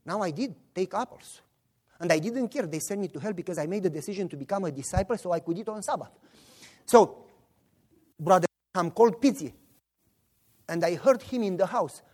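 A man with a high-sitting voice preaches with a Romanian accent at a fairly quick pace. His storytelling is animated, and he performs the voices of the characters he describes.

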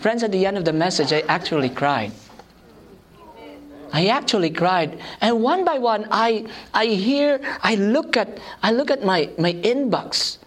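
A woman preaching a sermon, telling personal stories in an animated, self-mocking way and laughing often. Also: medium pitch, a little slow.

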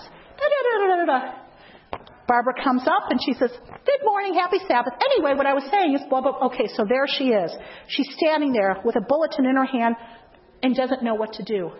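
A woman giving a church talk on greeting visitors, telling a story with lively acted-out quotes. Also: sits high, muffled recording. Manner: animated storytelling, acts out quoted voices. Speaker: church speaker training greeters. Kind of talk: sermon-style church talk.

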